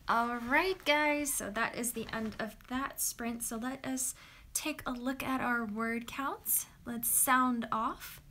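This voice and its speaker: A young woman hosting a writing-sprint livestream, chatting casually and excitedly with viewers and talking to her dog. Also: fairly high pitch, takes it slowly. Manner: bubbly and chatty, coos softly to her dog.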